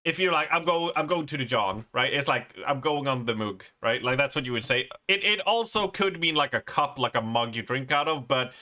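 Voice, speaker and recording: A man's voice: medium pitch, expressive, a little fast, hardly any pauses, pushed and bright. A man, chatting casually and rambling on a live stream, laughing and swearing as he goes. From Sweden.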